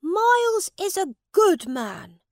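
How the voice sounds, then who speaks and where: A woman voicing a young boy king who is proud and earnest, speaking in a high, commanding voice. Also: sing-song, slow pace, no echo, studio quality, heavily acted.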